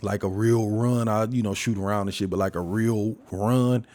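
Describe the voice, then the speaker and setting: Forties male podcast host, AAVE speech, low mellow voice, profane and animated solo talk. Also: normal speed. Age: 40s. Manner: profane, animated storytelling with frequent laughs. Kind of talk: casual solo podcast monologue.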